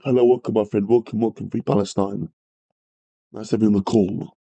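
A man's voice: fairly low pitch, steady tone, fairly quick, creaky, mellow, rough recording. A man teaching a live maths revision lesson, greeting viewers and apologising often as he works through problems. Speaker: maths tutor.

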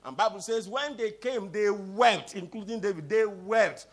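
A man preaching a sermon, emphatic and repetitive, breaking into loud exclamations and coaxing the congregation to answer back. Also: high voice, normal speed. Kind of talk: sermon with call-and-response.

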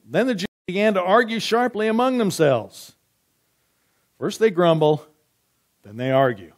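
With an expressive voice that sits high, a male pastor preaches, first reading scripture in a slow, soft manner. He then chats with the congregation, asking them questions and answering back.

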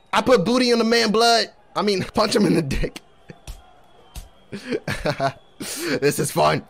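A young man giving excitable, trash-talking commentary while playing a video game. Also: sits high, gravelly. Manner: excitable, trash-talking, swings from mumbling to shouting. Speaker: gaming YouTuber. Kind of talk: gameplay commentary.

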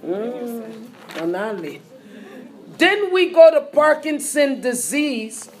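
A woman's voice: fairly high pitch, big pitch swings, slow pace. Woman quizzing a nursing class. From Haiti. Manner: quizzes students with questions, repeats key points. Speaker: nursing exam instructor. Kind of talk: live classroom lecture. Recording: echoey classroom with faint ambience.

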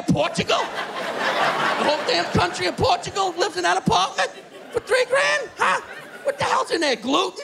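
A man voicing a loud, outraged old-school New retiree, ranting in disbelief. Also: very high-pitched, gravelly, very noisy, voice pushed up, exaggerated voice. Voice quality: shouting, incredulous ranting.

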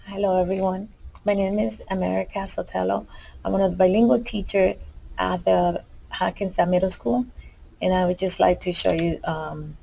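Woman, from the Dominican Republic, bilingual teacher, lowish voice, hesitant, self-correcting, casual presentation. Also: little pitch movement, normal speed, vocal fry, mellow, slightly rough, low-quality recording. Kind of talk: informal school presentation.

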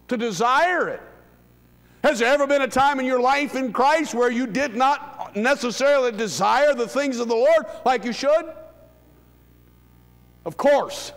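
High-pitched preacher in a reverberant hall. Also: male voice. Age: 50s. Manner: swings from hushed low lines to loud high calls. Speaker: pastor. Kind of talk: sermon. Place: church sanctuary.

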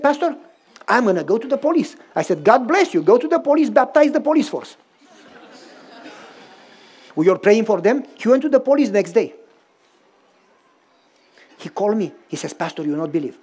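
A male pastor, preaching as he tells a story and acts out both sides of the dialogue. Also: sits high. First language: Romanian. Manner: acts out dialogue with lively voice swings. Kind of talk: storytelling sermon.

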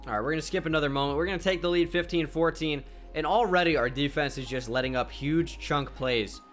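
A young man casually commenting on a football video game he is playing, laid-back and self-mocking, with sudden excited outbursts. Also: fairly high pitch, brisk, soft background music. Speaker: gaming channel host.

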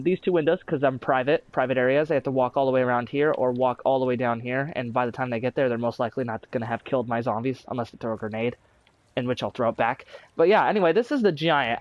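A man's voice: mid-range voice, no echo. A young man chatting casually over his own gameplay as a gaming YouTuber, rambling with lots of fillers and restarts. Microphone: console recording software.

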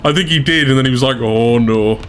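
A man's voice: medium pitch, steady tone, very fast, bright, forceful tone, a little hiss or hum. A man giving casual, chatty gameplay commentary as a channel host, talking to his viewers and laughing at his own mistakes. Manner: chatty, self-deprecating, talks to viewers.

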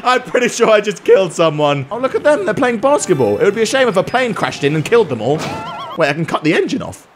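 A young man giving loud, swearing let's-play commentary, breaking into excited shouts. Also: sits high, fast, noisy background. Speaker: gaming YouTuber. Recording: game music behind the voice.

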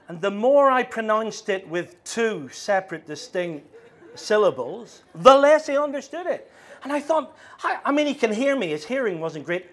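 A middle-aged man with a Northern Irish accent preaching a sermon, speaking slowly and deliberately with frequent ums and restarts. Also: high-pitched, very animated, fairly bright tone. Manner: slows down, halting with fillers.

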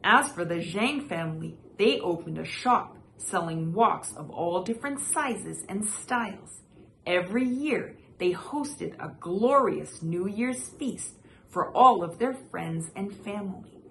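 A woman reading a children's picture book aloud in a gentle, expressive way as the regular storyteller of her show. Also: mid-range voice, slow, gravelly, slight background noise.

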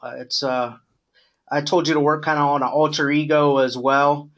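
A middle-aged man coaches a sales agent on a call, speaking in a slightly high voice at a moderate pace over a lo-fi recording. He's relaxed and encouraging, using many fillers.

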